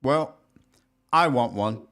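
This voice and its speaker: A man co-hosting a casual chat show, joking and animated. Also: mid-range voice, slow. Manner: jokey, animated, laughs at his own gags. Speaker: podcast co-host.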